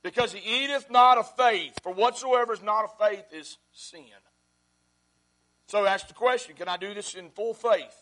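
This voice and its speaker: Pastor, man, high voice; sermon delivery that repeats lines and swings from loud to hushed. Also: moderate pace.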